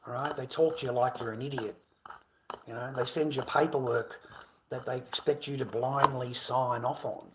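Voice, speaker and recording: A man's voice: mid-range voice, fairly even intonation, normal speed, very noisy. An Australian man in a casual livestream rant who swears and keeps repeating himself in an aggrieved way.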